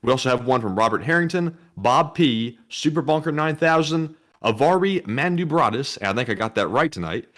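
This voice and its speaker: A man co-hosting a livestream, reading donor names in a steady voice and stumbling over his words now and then. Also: medium pitch, fairly quick, hardly any pauses. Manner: steady, reads long name lists, stumbles at times. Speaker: co-host reading donations. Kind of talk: casual livestream chat.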